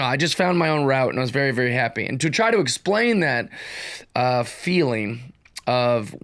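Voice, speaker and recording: A man's voice: medium pitch, smooth, dry recording, studio quality. A man in his forties, a comedian, talking through a casual solo monologue full of fillers and restarts. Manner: rambling, filler-heavy, animated storytelling. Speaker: comedian hosting his own show.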